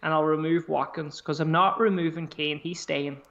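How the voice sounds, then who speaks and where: A man co-hosting a podcast in casual chat, chatty and animated, swearing freely as he talks. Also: on the high side, moderate pace, creaky, muffled recording. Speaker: podcast co-host.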